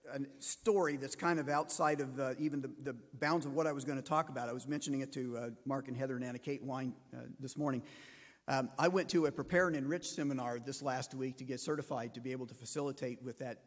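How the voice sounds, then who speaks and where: A man's voice: medium pitch, fairly even intonation, a little fast. Male pastor preaching in a reverberant hall. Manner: storytelling, acts out quoted voices. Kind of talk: sermon.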